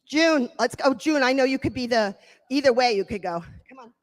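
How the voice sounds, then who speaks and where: A woman's voice: high-pitched, a little fast, long reverb tail. A woman presenting a live workshop, energetically coaching participants through role-play. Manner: energetic, encouraging, coaxing.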